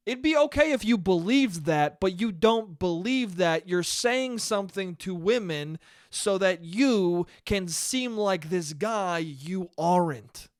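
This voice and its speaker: A young man hosts a solo comedic rant on his own podcast, swearing a lot and mocking people with put-on poet voices. His voice sits high and is expressive, delivered at a slow pace. The sound is clean studio quality with no echo.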